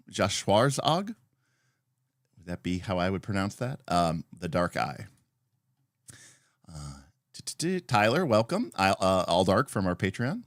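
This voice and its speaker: A man's voice: low voice, fairly bright tone, no room sound, studio quality. A man hosting a casual livestream, chatty and rambling as he greets viewers by name. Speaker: livestream host.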